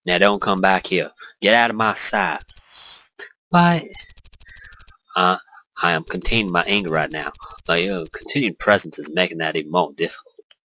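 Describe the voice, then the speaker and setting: A man's voice: low-pitched, moderate pace, pauses often, pushed and bright, dry recording, low-quality recording. A man voicing a stern male student with a put-on southern English accent, barely holding back his anger. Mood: coldly angry. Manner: clipped, barely restrained anger. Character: stern male student guarding a club trophy.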